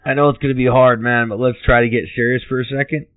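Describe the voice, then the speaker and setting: A man's voice: medium pitch, steady tone, fast, a loud crowd. A man hosting a casual interview, asking questions in a joking, mock-formal way. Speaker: host. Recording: tinny phone-like line.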